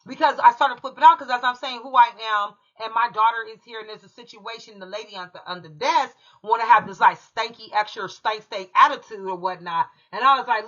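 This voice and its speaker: A woman's voice: a little high, a little fast, few pauses, sharp tone, muffled recording. A woman from California, a channel host telling a heated personal story in an emphatic, profane way. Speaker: true crime commentary channel host.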